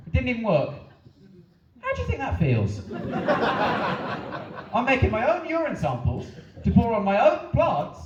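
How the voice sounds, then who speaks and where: Animated, sweary male stand-up comedian. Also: extremely high pitch, normal speed, long pauses, very noisy. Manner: animated, sweary, self-mocking storytelling. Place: comedy venue stage. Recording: echoey venue, distant mic, dull sound.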